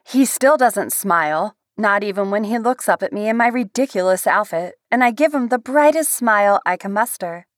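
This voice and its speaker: A woman narrating a first-person novel aloud in an expressive storytelling manner. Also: medium pitch, moderate pace, hardly any pauses, no room sound, studio quality.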